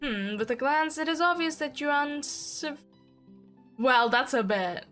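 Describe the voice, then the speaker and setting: Woman reading as a pompous noble gentleman. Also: high voice, lively intonation, a little slow, faint music behind. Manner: flowery, formal and condescending. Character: pompous, elegant male city noble.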